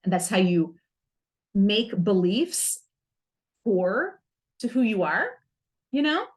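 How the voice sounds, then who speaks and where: A woman's voice: mid-range voice, very animated, slow pace. A woman hosting a self-help podcast, talking candidly and with humor, using playful slang. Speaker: podcast host.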